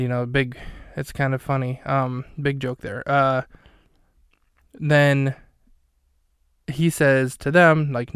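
Male podcast host, mid-pitched, dry self-deprecating recap delivery. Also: flat delivery, measured pace, clear, resonant tone, no room sound. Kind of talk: comedic recap commentary.

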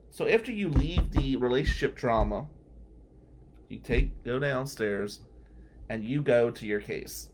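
A man's voice: medium pitch, animated, a little slow, pauses often, husky. A man hosting a podcast, a lawyer telling wry, incredulous stories from his working day. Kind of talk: storytelling monologue.

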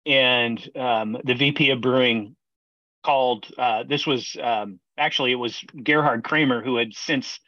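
A man's voice: mid-range voice, steady tone, unhurried, sharp tone, no room sound, lo-fi sound. A man, a brewer, telling rambling stories in a casual interview and laughing often. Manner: rambling anecdotes with frequent laughter. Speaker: brewer, podcast guest.

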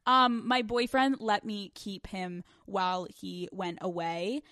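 A woman's voice: mid-range voice, steady tone, slow pace, pushed and bright, no room sound. A young adult woman hosting a casual solo podcast, candid and crude, joking as she talks into a close mic. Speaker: podcast host.

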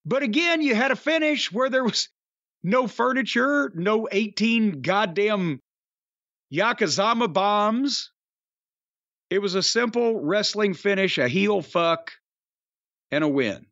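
Blunt, high-voiced man ranting. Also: lively intonation, slow, a bit bright, dry recording, highs cut off. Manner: blunt and profane, emphatic rising stresses. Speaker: podcast host reviewing wrestling. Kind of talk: casual podcast chat.

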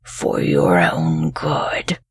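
A woman whispering as a deep spirit under the bed. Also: sing-song, extremely slow, creaky, breathy edge, no echo, studio quality, heavily acted. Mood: hushed warning. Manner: low hushed whisper.

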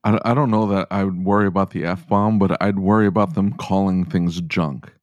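A man's voice: low voice, steady tone, normal speed, no room sound, dull audio. A man hosting a podcast, chatting casually with jokey, teasing asides. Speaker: podcast host. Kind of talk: casual chat.

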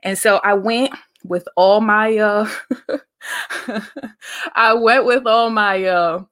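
A woman's voice: mid-range voice, steady tone, measured pace, fairly bright tone. A woman hosting a podcast, talking in a casual, preachy, faith-based monologue full of slang. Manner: conversational, preachy, uses slang and dialect grammar. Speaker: podcast host.

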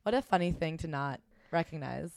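A woman's voice: deep voice, expressive, brisk, creaky, a little mellow, dry recording, clean studio sound. A young adult woman co-hosting a podcast, chatting casually, laughing often and reading book quotes aloud. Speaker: podcast co-host. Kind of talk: casual chat.

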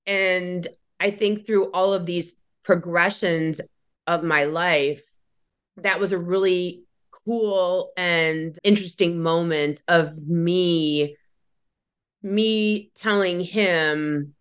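A woman hosting a podcast, telling a story in casual chat with lively, animated delivery and frequent laughter. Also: fairly low pitch, slow, clean tone. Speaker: podcast host.

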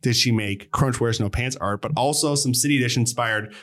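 A man co-hosting a casual podcast chat, enthusiastic and quick to laugh. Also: mid-range voice, a bit bright. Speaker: podcast co-host.

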